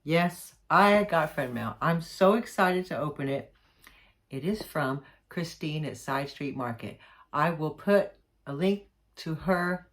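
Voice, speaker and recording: A woman vlogging at home, unboxing a parcel in a gushing, exclamatory way and calling her viewers y'all. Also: lowish voice. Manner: gushing, exclamatory, laughs often. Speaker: jewellery vlogger. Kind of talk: excited unboxing vlog. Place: home, with a pet nearby.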